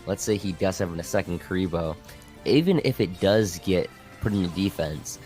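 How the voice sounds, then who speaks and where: A man with a very deep, low voice commentates a live card game match. He speaks in a relaxed, offhand way and keeps things casual. Soft music runs in the background. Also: moderate pace. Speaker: esports caster.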